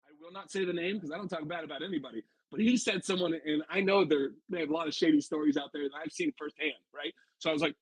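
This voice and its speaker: A man from Arizona, a home heating and cooling sales pro, telling stories as a podcast guest in an energetic, blunt way and swearing freely. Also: high voice, quick pace, husky, no echo, rough recording. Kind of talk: casual podcast storytelling.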